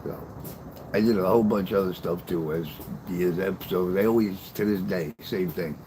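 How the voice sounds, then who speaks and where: A man's voice: deep voice, a little fast, dark tone, a little hiss or hum, low-quality recording. Blunt, profane older man chatting live. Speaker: livestream host. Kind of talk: casual livestream chat with viewers.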